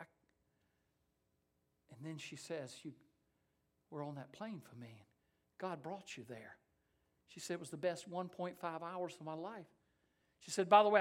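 An older man with a South Carolina drawl preaches to his congregation, his voice sitting high for a man. He tells his story with strong swings, pushing loud on key words and then dropping to a near-whisper. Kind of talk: sermon. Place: church sanctuary.

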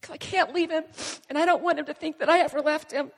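A woman telling a personal testimony in an earnest, halting way, with dramatic pauses. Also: high voice, steady tone, creaky, big-room sound. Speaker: speaker sharing a personal testimony. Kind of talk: emotional spoken testimony.

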